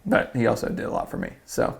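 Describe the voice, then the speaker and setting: A man's voice: lowish voice, huge pitch swings, fast talker, gravelly. A young man from South Carolina, a surfer and podcast guest, telling a story casually and rambling with lots of "like". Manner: rambling, lots of "like", acts out quotes.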